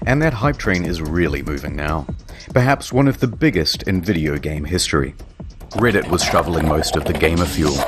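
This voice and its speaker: Male comedic narrator, low, lively intonation, sardonic. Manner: dry, sardonic storytelling.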